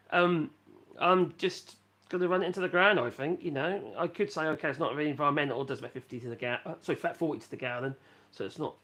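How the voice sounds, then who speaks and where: A man's voice: on the high side, bright, forceful tone. A middle-aged man from Norfolk with a Norfolk accent, rambling through casual live-stream chat at home and reading chat messages aloud. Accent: Norfolk English. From England (Norfolk). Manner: rambling, chatty, self-mocking, reads chat aloud. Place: rural home in France.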